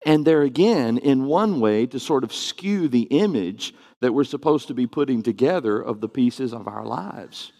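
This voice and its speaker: A man preaching a sermon to his congregation, earnest and emphatic, slowing and speeding up to stress his points. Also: medium pitch, expressive, vocal fry, warm tone. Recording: long reverb of a church hall.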